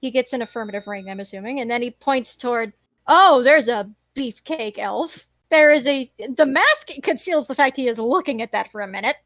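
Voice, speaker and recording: A woman's voice: fairly high pitch, lively intonation, fast talker, hardly any pauses, a bit bright, no room sound. A woman narrating a tabletop game as game master, describing scenes in a playful way.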